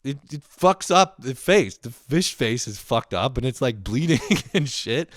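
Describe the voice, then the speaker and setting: This young podcast host speaks at a measured pace in a medium-pitched, expressive voice, recorded with clean studio sound and no echo. His casual story wanders, is full of swearing, and keeps making him laugh at himself.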